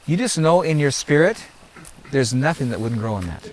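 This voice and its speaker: A gardener leads a group tour outdoors, teaching in an emphatic, preachy way, repeating phrases and asking "are you hearing me?". His mid-range male voice is very animated and darkish at normal speed. The recording is rough, with slight background noise.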